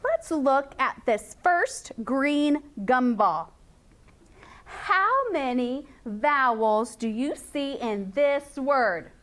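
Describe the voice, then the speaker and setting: A woman teaching a phonics lesson to young children in a classroom, slow and sing-song, repeating sounds and rules. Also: high voice, big pitch swings, a bit bright.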